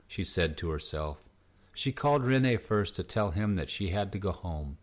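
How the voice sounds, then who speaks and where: A man narrating an audiobook in a calm, steady reading voice. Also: deep voice, moderate pace. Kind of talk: scripted narration.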